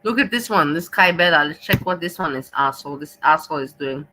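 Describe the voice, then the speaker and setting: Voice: mid-range voice, lively intonation, fast, sharp tone, slight background noise, low-quality recording. A host giving casual, blunt and profane commentary on video clips. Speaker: reaction channel host.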